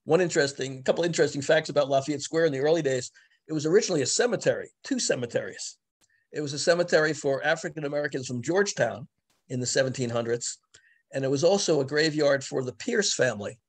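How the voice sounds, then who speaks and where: A man, an author and historian, giving a virtual book talk over a video call. He speaks haltingly, with frequent restarts and fillers. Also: a little high. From the Bronx, New York.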